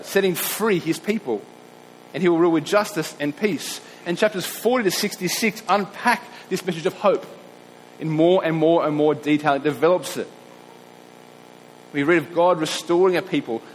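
Earnest preacher in a reverberant hall. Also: male voice, fairly high pitch, a little hiss or hum. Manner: earnest, emphatic, slows down to stress scripture readings. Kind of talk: sermon.

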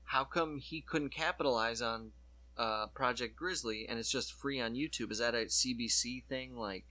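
Bright-voiced man chatting excitedly. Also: mid-range voice, moderate pace. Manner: excited, laughing, swearing, retelling scenes. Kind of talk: casual podcast chat.

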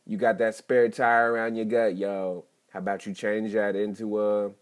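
A young man rambling and swearing through a solo podcast episode, cracking crude jokes and breaking into sudden loud outbursts. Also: fairly low pitch, flat delivery, moderate pace. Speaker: podcast host and stand-up comedian. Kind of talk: casual rambling monologue.

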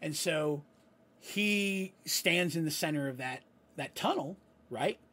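Man, game master, husky voice, fairly high pitch, tabletop game narration, chatty explanatory asides. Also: takes it slowly, bright, forceful tone. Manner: explanatory asides, frequent "right?".

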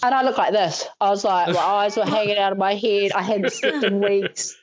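A woman's voice: mid-range voice, moderate pace, a little hiss or hum, poor audio. A woman, a stunt performer in her thirties, telling stories in a casual interview and acting out the lines of people she quotes, laughing often. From New Zealand. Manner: animated, laughing, acts out quotes.

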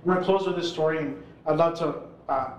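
A man's voice: fairly high pitch, fairly even intonation, quick pace, dull audio, slight background noise. A man in his forties, an urban ministry worker, telling stories to a live audience at an event. He keeps it casual and chatty, with lots of "like" and "right?". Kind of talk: live storytelling talk. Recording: roomy hall sound.

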